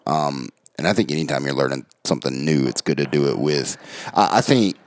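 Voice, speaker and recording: A man co-hosting a podcast, agreeable and thinking out loud in casual chat. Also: very deep voice, a little fast, no echo. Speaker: podcast co-host.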